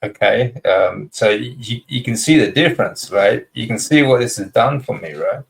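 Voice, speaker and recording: A man hosting a casual interview, chatting in a relaxed, agreeable way with a gravelly voice. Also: mid-range voice, moderate pace, rough recording. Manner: relaxed and agreeable, many small affirmations.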